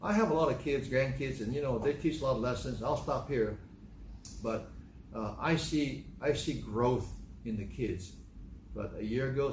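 An older man delivers a sermon in a relaxed, conversational way. He acts out both sides of little dialogues with sudden rises in pitch. The room is echoey, with a faint hum underneath. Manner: conversational storytelling, acting out dialogue with pitch jumps. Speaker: preacher.

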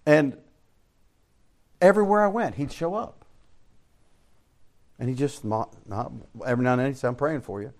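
A man's voice: medium pitch, big pitch swings, moderate pace, long pauses. An older man from Central Florida, teaching a Bible class in a preaching style, telling folksy stories, asking rhetorical questions and chuckling often.

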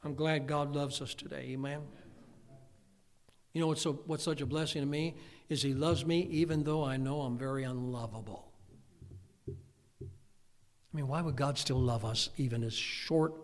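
A middle-aged man preaching a folksy sermon as pastor, going from quiet asides to loud, fervent shouting. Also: medium pitch, fairly even intonation, moderate pace, pauses often. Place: church hall. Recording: long hall reverb.

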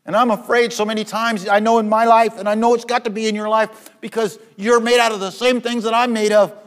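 Male preacher with a slightly high voice, sermon delivery that swings between loud emphasis and quiet. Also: flat delivery, brisk. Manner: repeats words and restarts phrases.

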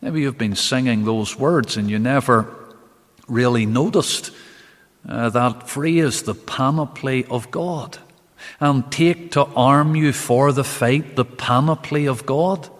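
Preacher in a reverberant empty church. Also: male voice, mid-range voice. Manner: emphatic, slow, rising on key phrases. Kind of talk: midweek Bible study sermon. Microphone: camera recording for online viewers.

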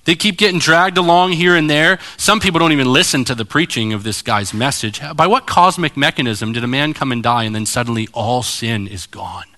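Speaking a little fast with few pauses, a medium-pitched male pastor delivers a direct, challenging sermon. His storytelling is lively, and he performs the characters' voices as he goes.

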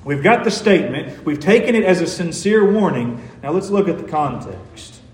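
A man's voice: fairly high pitch, expressive, normal speed, darkish tone. Earnest preacher man in a roomy echo. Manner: earnest, pleading, builds to emphatic points. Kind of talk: sermon.

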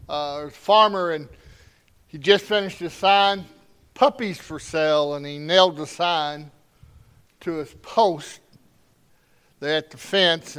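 A man preaching a sermon, telling a story quietly before rising into loud, emphatic preaching. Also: a little high, clean tone.

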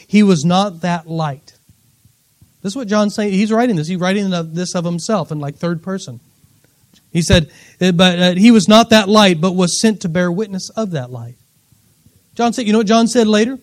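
A high-voiced man preaching a sermon. He reads scripture aloud and presses his points with repeated words, rising loud for emphasis and dropping to quiet asides. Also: moderate pace.

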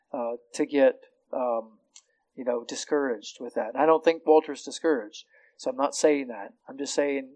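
A man's voice: mid-range voice, normal speed, darkish tone, no room sound, rough recording. A man preaching a sermon as a pastor, earnest, often repeating words as he starts a phrase.

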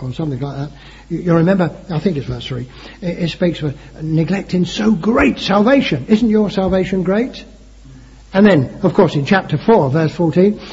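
A man delivers a sermon in a husky, breathy voice pitched a little high, his phrases climbing to emphatic peaks. He stumbles on words and fills pauses with uh. The recording is dull and lo-fi. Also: a little mellow. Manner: earnest, rising emphatic phrases, frequent uh and repeated words. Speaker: preacher.

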